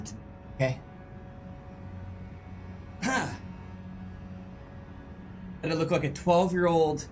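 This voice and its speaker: A man's voice: fairly high pitch, slow, pauses often, slight background noise, low-quality recording. A male game streamer chatting casually and joking with his live chat. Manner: joking, playful banter with chat.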